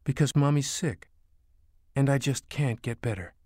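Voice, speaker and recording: A man voicing a gentle, ill young mother in a storybook reading, soft and soothing. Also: mid-range voice, normal speed, dry recording, clean studio sound, voice pushed up, close to an everyday voice. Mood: tearful.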